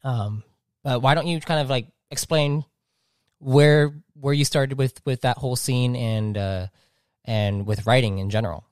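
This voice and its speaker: A man hosts a relaxed podcast interview at a mid-range pitch. He speaks haltingly, doubling back on words and adding light laughs. The recording is dry, with no room sound. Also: smooth, no echo. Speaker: podcast host.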